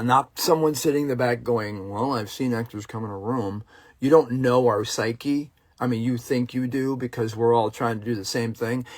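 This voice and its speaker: A man's voice: mid-range voice, dry recording. A middle-aged man who works as an actor, talking casually and bluntly to his viewers, heated and profane, breaking off to greet people in the chat. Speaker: working actor and online host. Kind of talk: casual livestream rant.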